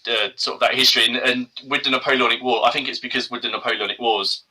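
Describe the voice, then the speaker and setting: A man's voice: mid-range voice, steady tone, quick pace, bright, forceful tone, slightly rough, poor audio. A man, co-hosting a casual podcast chat, hesitant with many ums and restarts. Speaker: podcast co-host.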